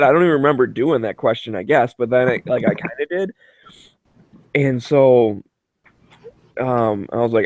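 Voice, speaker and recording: A man's voice: medium pitch, brisk, a little hiss or hum. A man in casual chat, telling stories with lots of swearing and acting out the voices of others. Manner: profane, animated storyteller who acts out voices. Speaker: show host.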